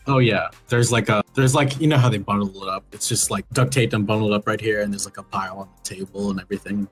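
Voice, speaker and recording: A young man running a tabletop game as game master, narrating casually with lots of filler words and quick snatches of character voices. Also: on the low side, fairly even intonation, breathy edge, soft background music.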